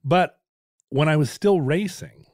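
A man's voice: a little high, measured pace, dry recording, studio quality. A man from Alaska, co-hosting a podcast and telling self-deprecating stories in casual chat. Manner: self-deprecating storyteller, animated. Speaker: podcast co-host.

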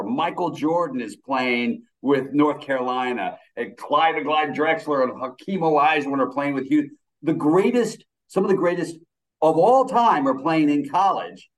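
A man's voice: fairly high pitch, rough recording. Older man telling stories animatedly. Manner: animated, enthusiastic storyteller. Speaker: film director. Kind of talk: casual interview chat.

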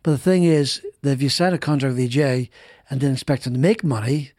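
A man's voice: mid-range voice, a little fast, darkish tone. A middle-aged British man tells his racing stories in a loose, rambling way, with many restarts. He acts out the people he quotes. The sound is dry and close, with no room echo. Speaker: former racing driver guest. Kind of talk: podcast interview, anecdotal storytelling.

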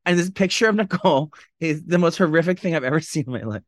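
A man's voice: on the high side, lively intonation, dry recording, clean studio sound. A man co-hosting a podcast, chatting casually in a gossipy, dramatic way. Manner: gossipy, dramatic, quick-talking. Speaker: podcast co-host. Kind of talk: casual chat.

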